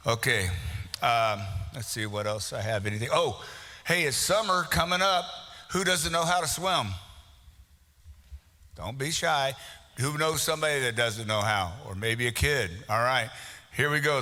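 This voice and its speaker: In a big, echoing meeting hall, a man emcees a live prize raffle, ribbing people and calling winners' names to the crowd. His voice sits at medium pitch and comes across bright and pushed, though he never rushes.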